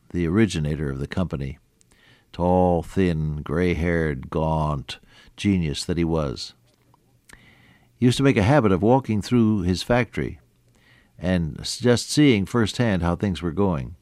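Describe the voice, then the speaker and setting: A man's voice: sits low, a little mellow, no room sound, studio quality. A man preaching a sermon, telling stories and explaining scripture in a conversational way with rhetorical questions. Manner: conversational storytelling with Greek word study.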